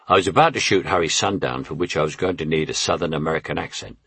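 An older man reads his memoir in a deep, husky voice, wry and anecdotal. The sound is dry and close, with no room around it. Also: fast, fairly bright tone, no room sound. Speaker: memoir narrator. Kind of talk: memoir audiobook narration.

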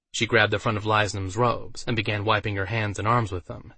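Male narrator, even and steady fantasy reading, close dry recording. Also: on the low side, fairly quick, hardly any pauses, no echo. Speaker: audiobook narrator. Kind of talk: scripted narration.

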